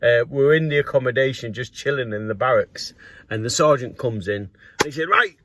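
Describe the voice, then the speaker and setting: A man's voice: medium pitch, brisk, a little hiss or hum. A middle-aged man casually telling a personal story to camera, acting out the voices of the people in it. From North East England. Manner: animated anecdote with acted quotes and laughs. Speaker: grass cutting business owner and vlogger.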